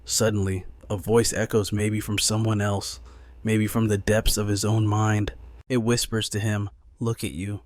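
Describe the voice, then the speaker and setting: A man narrating a comic story recap in a measured, dramatic storytelling manner. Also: lowish voice, little pitch movement.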